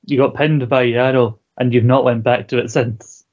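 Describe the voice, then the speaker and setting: On a podcast about wrestling, a male co-host chats casually, laughing a lot and swearing freely. His mid-range voice is a little mellow, with fairly even intonation and a normal speed, captured in a dull lo-fi recording.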